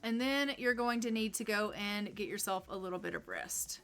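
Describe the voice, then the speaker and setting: A woman's voice: mid-range voice, moderate pace, fairly bright tone. Chatty woman narrating her life-sim game. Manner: chatty, lots of fillers like "like" and "um". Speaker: gaming channel host. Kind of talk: casual gameplay commentary. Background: faint game music.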